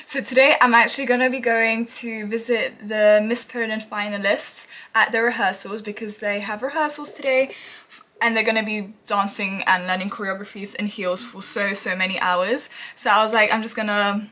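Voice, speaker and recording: A woman's voice: mid-range voice, fairly even intonation, normal speed, sharp tone. A young woman in her twenties vlogging casually, chatty and rambling, often laughing as she talks. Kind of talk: casual vlog chat. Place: around a rehearsal venue and central London.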